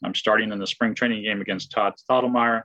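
Fast, bright and forceful yet steady in tone, this fairly low-pitched man is a guest and former baseball player recounting a long personal story. He rambles casually with lots of fillers and restarts, acting out his past words and thoughts, in a dry, lo-fi recording.

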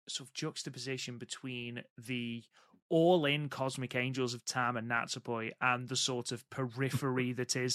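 A man with a bright, forward voice co-hosts a podcast, keen and measured as he comments, with frequent ums. The sound is close and dry. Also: medium pitch, dry recording. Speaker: podcast co-host. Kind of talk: casual podcast chat.

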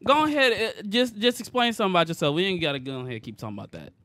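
A man's voice: high voice, wildly swooping pitch, fairly bright tone. A young man hosting a casual group podcast, prompting guests to introduce themselves and cheering them on. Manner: quick, encouraging, prompts others to talk. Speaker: podcast host.

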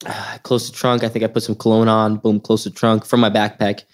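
A young man who grew up in Sweden, a podcast guest telling lively anecdotes in casual chat and acting out the voices of the people in them. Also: fairly low pitch, moderate pace. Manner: animated storyteller, acts out voices in quoted lines. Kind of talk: casual storytelling.

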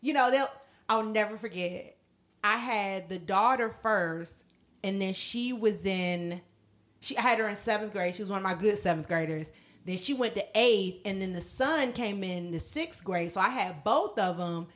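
A woman in her thirties co-hosting a casual chat, telling a story with lots of laughter and animated asides. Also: mid-range voice, normal speed. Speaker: podcast co-host.

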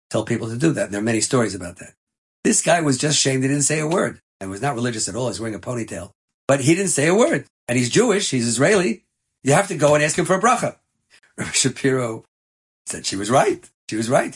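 A man's voice: mid-range voice, breathy edge. A man, a rabbi, telling an inspirational story with emphatic, passionate delivery. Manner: emphatic, passionate storytelling with Yiddish and Hebrew terms.

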